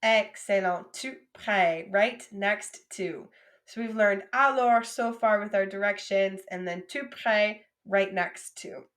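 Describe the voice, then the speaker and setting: Slow, patient woman teaching French words. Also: mid-range voice, steady tone, fairly bright tone. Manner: slow, clear modeling of each word, repeating it twice. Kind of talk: vocabulary lesson with repeat-after-me drills.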